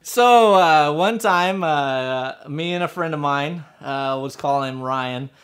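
A man's voice: fairly high pitch, slow pace, a bit bright, clean tone. A man casually telling a personal story about riding motorcycles, rambling with many fillers and restarts.

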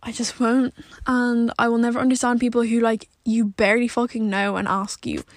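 A woman's voice: fairly high pitch, flat delivery, no room sound. A young woman, talking to camera from her car in a blunt, exasperated way, swearing often and filling her speech with "like.". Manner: blunt and exasperated, swears a lot, fills every pause with "like". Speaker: vlogger. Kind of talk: casual rant to camera. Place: sitting in a parked car.

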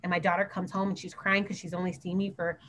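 A woman's voice: on the low side, level tone, fast, fairly bright tone. A woman who works as a teacher, chatting earnestly on a podcast and talking in long run-on stretches. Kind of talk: casual podcast chat.

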